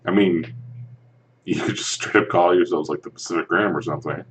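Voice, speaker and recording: A man's voice: deep voice, fairly even intonation, fairly quick, slight background noise. A man playing a tabletop game in casual chat, hesitant, with ums and uhs.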